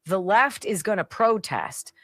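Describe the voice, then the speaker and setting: A woman's voice: medium pitch, expressive, measured pace, fairly bright tone, no room sound. A woman hosting a talk radio show, giving sarcastic, emphatic commentary and reading ad spots with a hard sell.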